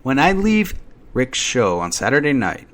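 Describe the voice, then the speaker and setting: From his home during a thunderstorm, a man hosts an internet radio show, rambling through a casual, irreverent, gossipy monologue full of mock-dramatic asides. His mid-range voice swoops wildly in pitch, unhurried and a bit bright.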